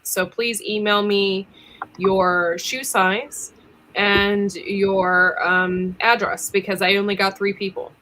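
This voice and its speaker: A chatty woman hosting a casual livestream, giggling often and leaning on ums between thoughts. Her voice is bright and forward, sitting in an ordinary middle pitch. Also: flat delivery, slow, a little hiss or hum. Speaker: livestream co-host.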